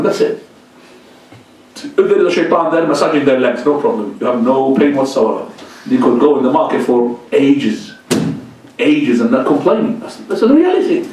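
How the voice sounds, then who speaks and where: A man gives a lively, joking talk to his congregation, his voice sitting a touch high. He is heard from across a large mosque hall, with the sound ringing around the room. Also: distant mic, a little hiss or hum. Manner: animated, joking, repeats religious exclamations. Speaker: sheikh giving a talk. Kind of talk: informal mosque lecture with questions. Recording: very echoey hall, voice from afar.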